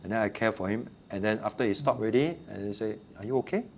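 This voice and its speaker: In a casual interview, a male teacher with a Singaporean accent recounts classroom stories as an animated storyteller who acts out quotes. He talks at a quick pace in a lowish voice with vocal fry.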